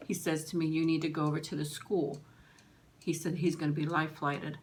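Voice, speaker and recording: A middle-aged woman vlogger telling a personal story in an emotional, halting way, with pauses and restarts. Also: low voice, flat delivery, a little mellow.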